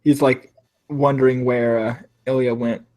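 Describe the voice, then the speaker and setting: A man's voice: mid-range voice, flat delivery, measured pace, mellow. A man narrating as game master in a casual, filler-heavy way, saying like a lot.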